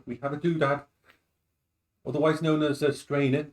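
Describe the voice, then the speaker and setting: A man's voice: a little high, level tone, moderate pace. Guy chatting away on a cooking stream at home, rambly, repeats stuff, trips over words. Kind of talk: casual live-stream chat while cooking.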